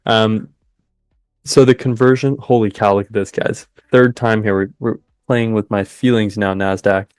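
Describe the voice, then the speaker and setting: Excitable man calling live trades. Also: fairly low pitch, normal speed, clean tone, no echo, clean studio sound. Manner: excitable, chatty, cheers at the market. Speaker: live trading stream host. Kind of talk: live trading commentary with chat.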